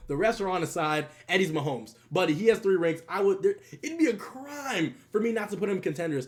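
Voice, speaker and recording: A young man on a live stream chatting sports in loose slang. His voice runs a little high and bounces around with energy, and he breaks into laughter often. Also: a little mellow. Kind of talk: casual livestream commentary.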